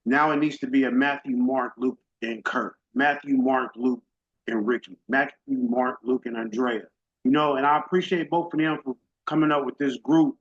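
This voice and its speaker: A man's voice: mid-range voice, fairly even intonation, normal speed. A middle-aged man speaking at a summit, giving a heartfelt personal testimony in an emotional, faith-driven, casual and direct way. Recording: dull lo-fi audio.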